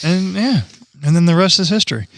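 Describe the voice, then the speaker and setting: A man's voice: high voice, animated, a little fast, gravelly, noisy background. A man co-hosting a podcast, chatting casually and crudely, cracking jokes and slipping into goofy voices. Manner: crude, joking, trails into silly put-on voices. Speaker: podcast co-host. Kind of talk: casual chat.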